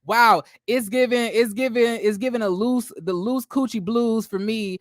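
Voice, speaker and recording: A man hosting a gossip commentary channel, talking in a brash, profane, theatrical way with drawn-out exclamations. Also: very high voice, dry recording, clean studio sound.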